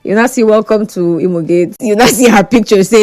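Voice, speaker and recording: A woman's voice: medium pitch, fairly quick, hardly any pauses, a little mellow, no room sound, faint music behind. A Nigerian woman hosting a phone-in radio talk show, chatty and teasing, often laughing.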